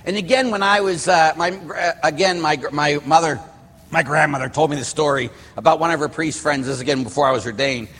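Middle-aged priest preaching in a reverberant hall. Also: male voice, on the high side, brisk, fairly bright tone, slightly rough. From Pittsburgh. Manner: rambling storyteller, restarts and asides. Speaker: Catholic priest. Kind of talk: sermon with personal stories.

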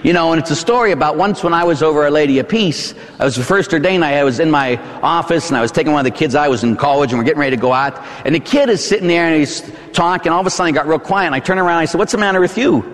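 A man's voice: on the high side, very fast, few pauses. A man, a Catholic priest from Pittsburgh with a Pittsburgh accent, preaching a sermon in a chatty way with frequent tag questions. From Pittsburgh, United States. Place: church. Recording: long hall reverb.

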